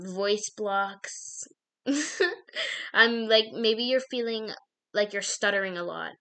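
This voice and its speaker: A woman's voice: medium pitch, sharp tone. Woman doing a spoken card reading, rambly, lots of "like", keeps losing her train of thought and starting over. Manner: meandering, filler-heavy, self-interrupting. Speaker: intuitive card reader.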